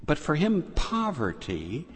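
A man preaching a sermon, telling the story slowly and deliberately with long pauses. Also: fairly high pitch, huge pitch swings. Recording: long hall reverb.

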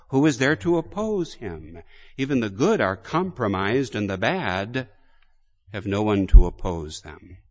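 A man, a Catholic priest, giving a sermon with deliberate preaching, swelling on strong words and dropping low and quiet at line ends. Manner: slow, deliberate preaching with emphatic rises and quiet drops.

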